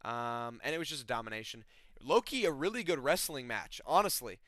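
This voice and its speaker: A man's voice: medium pitch, lively intonation, a little fast, a bit bright, no echo. Young man, casual fight recap, rambling and profane, dry close sound. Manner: rambling, profane, self-correcting. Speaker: MMA fight reviewer.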